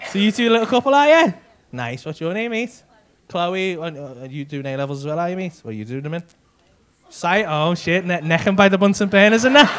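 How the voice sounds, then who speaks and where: High, lively Scouse comedian teasing crowd. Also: male voice, fairly quick. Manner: teasing, laughing, sweary banter. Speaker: stand-up comedian. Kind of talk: crowd work in stand-up. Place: comedy club stage. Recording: noisy live club recording.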